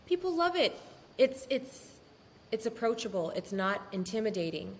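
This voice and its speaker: A woman speaking as a guest in a casual interview, animated and candid, swearing freely. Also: on the high side, moderate pace, long reverb tail, a little hiss or hum. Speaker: law firm owner, podcast guest.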